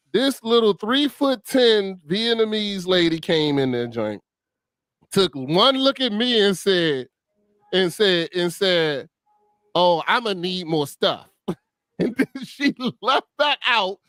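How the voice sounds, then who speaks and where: Man, high voice, casual slangy storyteller, laughs a lot, dry close sound. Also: very animated, slow pace, fairly bright tone, smooth, no room sound. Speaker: podcast host. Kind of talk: casual chat.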